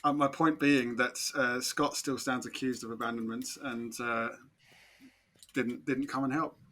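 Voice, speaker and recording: Bright-voiced man as mock prosecutor. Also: medium pitch, fairly even intonation, a little slow. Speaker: podcast co-host acting as accuser. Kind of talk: mock courtroom banter.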